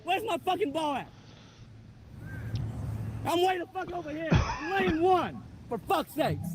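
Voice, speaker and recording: A man's voice: very high-pitched, expressive, measured pace, pauses often. A man golfing outdoors who rants heatedly and swears constantly. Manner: profane, ranting, heated. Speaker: golfer filming his round. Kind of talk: angry outburst on a clip. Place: outdoors on a golf course. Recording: outdoor noise in the background.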